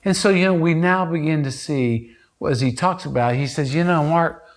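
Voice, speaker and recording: A middle-aged man speaks as a therapist in an earnest, conversational way. He tells stories from his practice and lifts his voice to act out what others said. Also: moderate pace. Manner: earnest, acts out quoted voices with rising pitch. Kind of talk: conversational storytelling.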